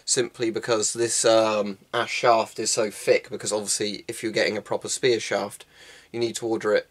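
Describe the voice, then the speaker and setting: A man's voice: on the low side, a bit bright. A man casually showing off and explaining a homemade weapon in a rambling, chatty way, with plenty of ums, indoors at home. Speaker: hobbyist weapon maker. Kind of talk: casual show-and-tell vlog. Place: indoors at home, low-ceilinged room.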